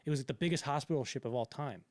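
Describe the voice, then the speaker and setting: A man's voice: medium pitch, rapid-fire, a little mellow, no room sound. A man co-hosting a casual podcast about a film, rambling with lots of fillers and restarts. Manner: rambling, many fillers and restarts, acts out quotes. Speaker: podcast co-host.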